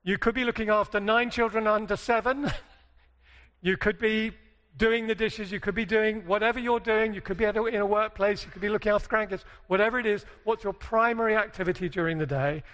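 A man's voice: high-pitched, fairly even intonation, fairly quick, fairly bright tone. A British man speaking at a conference seminar, chatty and jokey, asking the audience questions. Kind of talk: conference talk to a live audience. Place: large hall with a live audience. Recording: long hall reverb.

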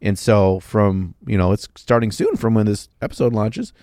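Laid-back, low-voiced podcast co-host man. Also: expressive, normal speed, darkish tone, dry recording, clean studio sound. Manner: laid-back, stumbling restarts. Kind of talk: casual chat.

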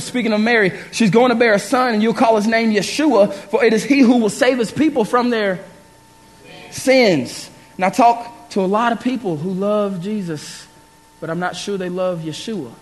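A man preaching a sermon to a congregation, calling for responses and building to emphatic repeated phrases. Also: high voice. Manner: call-and-response with the congregation, rising to emphatic repetition. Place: church service before a congregation.

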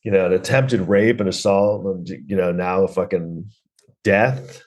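A man's voice: sits low, steady tone, a little slow, a little mellow. A man hosting a podcast, recapping a film in a rambling, sarcastic way, full of fillers and swearing. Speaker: podcast host reviewing a film.

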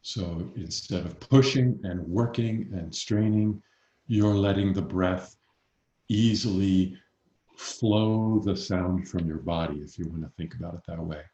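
A man working as a voice coach, calmly explaining breathing and resonance with slow, measured pauses. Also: deep voice, echoey room, highs cut off. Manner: calm, explains slowly with pauses. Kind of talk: expert advice in a conversation.

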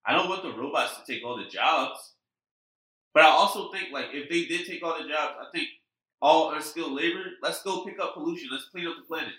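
A man co-hosting a podcast, chatting casually and telling stories with lively voiced quotes. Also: fairly high pitch, a little fast, echoey room, rough recording. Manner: animated storytelling with voiced quotes. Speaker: podcast co-host. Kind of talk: casual chat.

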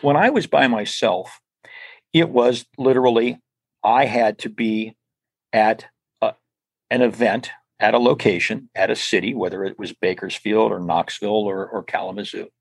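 This older man, a guest in an interview, rambles through casual stories with frequent restarts and repeated words. He has a fairly low, slightly rough voice, moves at a moderate pace, and there's no echo.

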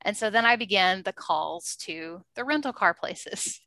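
A woman telling a personal story in a casual interview, chatty and animated, often laughing. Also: medium pitch, unhurried, no room sound. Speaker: interview guest.

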